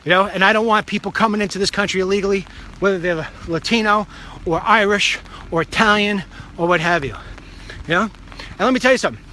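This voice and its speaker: Middle-aged guy ranting on a phone stream while he walks, bright edgy voice, bit of outdoor hiss. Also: high voice, brisk. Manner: blunt, rambling, jokey asides. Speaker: political talk host. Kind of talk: live-streamed walking commentary. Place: outdoors on a walk in the rain.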